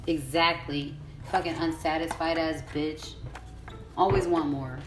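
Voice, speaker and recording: A young woman hosting a podcast, reading an article aloud and breaking into a profane, emotional rant that climbs to furious shouting. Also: deep voice, fairly even intonation, unhurried, reverberant, over music. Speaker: podcast host.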